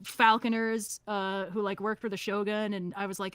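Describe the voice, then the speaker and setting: Woman on a stream cracking sarcastic jokes, laughs a lot, bright voice. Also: mid-range voice, level tone, normal speed, smooth, no room sound. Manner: sarcastic, laughs often, many fillers. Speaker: co-host of a streamed gameplay talk. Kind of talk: casual chat on a livestream.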